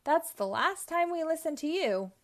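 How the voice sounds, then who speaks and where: A woman's voice: very high-pitched, animated, moderate pace, pitched above the performer's own voice. A woman voicing bumbling, whiny male ghosts in a children's story. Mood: whiny scheming.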